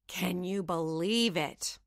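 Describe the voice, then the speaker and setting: A self-important court knight, as a woman puts him on in a storybook reading, his voice dropped low and booming. He drawls his praise slowly and grandly. The sound is dry and close. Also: gravelly, no room sound. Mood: admiring. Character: pompous male knight of the court, grand and hearty.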